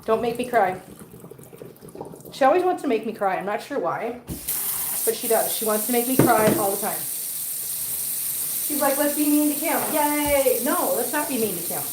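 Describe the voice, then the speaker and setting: On the high side and animated, this woman speaks at normal speed with long pauses while she cooks at home on a livestream. She teases viewers and coos at her cats, and the echoey room carries background noise.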